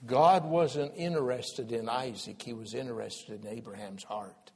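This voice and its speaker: A man pastor preaching a sermon as a story, dramatic and swinging from loud to hushed. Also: medium pitch, measured pace, husky. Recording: long hall reverb.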